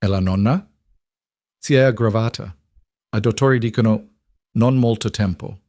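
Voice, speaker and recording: A man's voice: lowish voice, moderate pace, a little mellow, no room sound, clean studio sound, close to an everyday voice. Worried nurse lady, strained and apologetic, urgent as a man reads her. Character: worried woman nurse bearing bad news.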